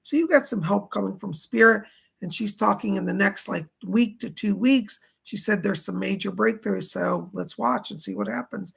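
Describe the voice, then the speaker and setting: A man hosting a live psychic reading stream. He sounds hoarse as he chattily relays spirit messages and thanks viewers by name. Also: high-pitched, normal speed, fairly bright tone. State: dry throat, hoarse.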